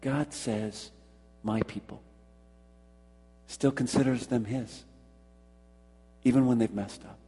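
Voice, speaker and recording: A man preaches in a husky, mellow voice, pitched a little above the usual. He stresses his points by repeating words and asks the congregation questions directly. The sound rings out with a long hall reverb. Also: fairly even intonation, unhurried, pauses often. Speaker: pastor. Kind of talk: sermon.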